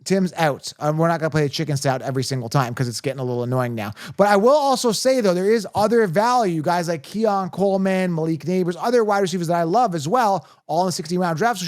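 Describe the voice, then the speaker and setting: A man hosting a casual sports podcast, energetic and hype-driven, laughing often. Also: a little high, no room sound, clean studio sound. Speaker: podcast host.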